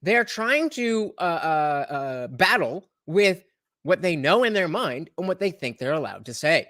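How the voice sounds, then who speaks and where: Male reaction host, lively swinging pitch, emphatic, dry booth sound. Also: unhurried, no echo. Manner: animated, emphatic commentary. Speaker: YouTube commentary host. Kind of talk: reaction commentary.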